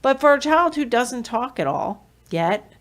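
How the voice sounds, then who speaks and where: A woman's voice: on the high side, very animated, unhurried. A woman podcast host and behavior analyst, talking conversationally with fillers and self-corrections as she explains strategies for parents. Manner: acts out parent-child exchanges with soft shushing.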